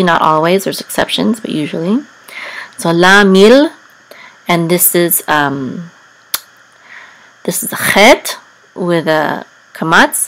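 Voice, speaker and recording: A woman teaching Hebrew reading and Torah chanting, explaining step by step with many pauses and sung examples. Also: on the low side, fairly bright tone, poor audio. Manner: patient, step-by-step, many ums, breaks into sung trope.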